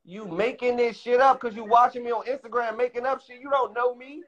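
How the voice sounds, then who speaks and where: A young man with a very high voice argues brashly and dismissively on his live stream. He is profane and blunt. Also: fairly even intonation, a little fast, dull audio. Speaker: livestreamer. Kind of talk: heated livestream argument.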